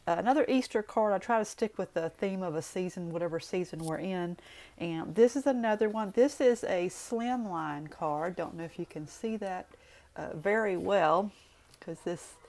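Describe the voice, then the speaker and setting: A woman with a Southern US drawl walks through her craft project in a relaxed, folksy tutorial. Her speaking voice sits on the low side, and she drifts into friendly, rambling asides as she works. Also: normal speed, vocal fry. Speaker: card-making vlogger.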